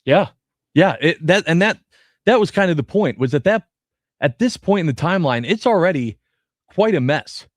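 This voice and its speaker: Man, sports radio co-host, slightly high voice, animated, dry studio sound. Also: no echo. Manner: animated, reads quotes aloud, quick restarts. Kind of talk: casual sports talk.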